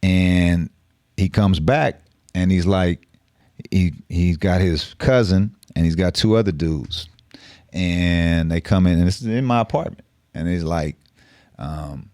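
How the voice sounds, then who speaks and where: Deep-voiced streetwise storyteller man. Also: takes it slowly, a little mellow, no room sound, studio quality. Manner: profane, streetwise slang. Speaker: podcast guest. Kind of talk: casual storytelling.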